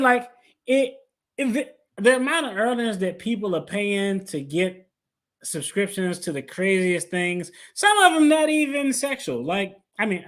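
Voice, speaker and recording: Animated storytelling man, high voice. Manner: animated, playful, acts out his own quotes. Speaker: attorney and finance video host. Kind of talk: casual storytelling monologue.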